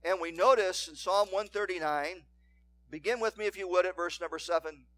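A man preaching a sermon as pastor, reading scripture aloud and swinging between loud emphatic declarations and hushed asides. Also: high-pitched, a little fast. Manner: reads scripture in King James wording.

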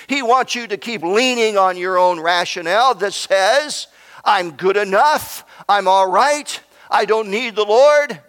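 High-voiced preacher in an echoing hall. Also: male voice. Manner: preachy, rising to emphatic shouts then dropping to near whispers. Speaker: pastor. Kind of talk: sermon. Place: church sanctuary.

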